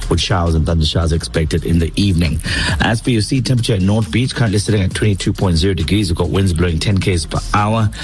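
Fast, low-voiced male reporter, friendly, faint music bed. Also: a little mellow. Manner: cheerful, brisk, friendly. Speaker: beach and weather reporter. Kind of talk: radio report.

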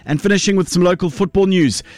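A man's voice: sits high, quick pace, no room sound. Man reading radio sports news. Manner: crisp, steady scripted delivery. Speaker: sports newsreader. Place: radio studio.

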